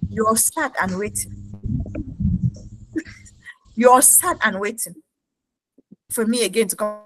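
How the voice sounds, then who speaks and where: A woman preacher delivering a lively sermon, mimicking her congregants and laughing often. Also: medium pitch, takes it slowly, pauses often, dry recording, rough recording.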